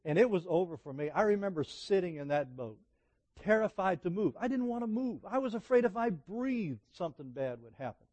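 A middle-aged man delivers a sermon in a chatty storytelling manner. His voice sits slightly high for a man, and he swings between emphatic, raised peaks and hushed, confiding asides. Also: sing-song, brisk. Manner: conversational storytelling, rising to emphatic peaks and dropping to quiet asides. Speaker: preacher. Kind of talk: sermon with personal stories.

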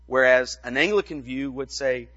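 A male pastor giving a measured teaching sermon, asking rhetorical questions as he explains. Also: mid-range voice, bright, forceful tone, in a large hall, highs cut off.

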